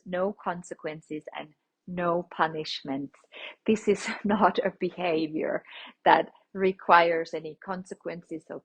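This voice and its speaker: A woman hosting a parenting podcast, explaining child-rearing principles in a gentle, teacherly way, often checking in with "okay?". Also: on the low side, breathy edge. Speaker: parenting podcast host, licensed clinical social worker. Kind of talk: instructive podcast talk.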